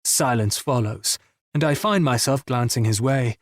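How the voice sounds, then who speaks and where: A man's voice: medium pitch, normal speed, dry recording, clean studio sound. A man narrating a first-person romance audiobook in an intense, emotional reading.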